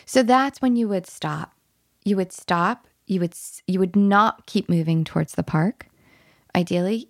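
A woman parenting coach who talks emphatically and dips into a hushed whisper when she models soothing words to a child. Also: medium pitch, measured pace, dry recording, studio quality.

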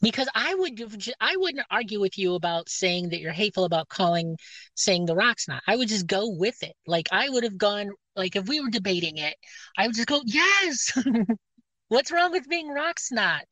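A woman's voice: medium pitch, lively intonation, a little fast, no room sound, low-quality recording. A woman guest in a casual podcast chat. She is friendly, agrees readily and laughs often. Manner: warm, agreeable, laughs easily. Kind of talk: casual conversation.

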